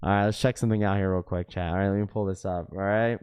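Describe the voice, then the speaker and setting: A man's voice: low-pitched, fairly even intonation, quick pace, a little mellow, clear, resonant tone. A young man hosting a live stream, chatting casually with viewers in a loose, rambling way. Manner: casual, addresses chat as bro, rambling. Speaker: livestream host.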